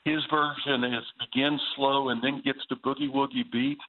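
A man's voice: mid-range voice, steady tone, moderate pace, a little hiss or hum. Southern man on a tinny phone line. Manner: earnest, enthusiastic storyteller. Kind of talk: radio faith talk.

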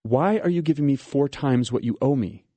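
A man voicing an angry, suspicious townsman in a dramatic reading, in a sharp, hostile way. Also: mid-range voice, normal speed, slightly rough, dry recording, pitched above the performer's own voice, close to an everyday voice.

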